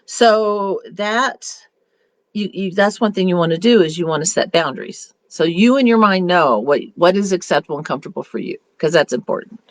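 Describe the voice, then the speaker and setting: A woman's voice: lowish voice, expressive, moderate pace. A woman beauty consultant giving a casual motivational talk in a chatty, upbeat way, with rambling restarts. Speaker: beauty consultant leading a meeting.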